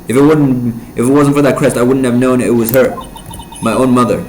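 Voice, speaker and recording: A quiet, wistful young woman from a video game, speaking in a hushed, subdued way, read aloud by a man in his own plain voice. The voice stays mid-pitched, with a little noise hissing in the background. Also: fairly even intonation, fairly quick, lightly acted.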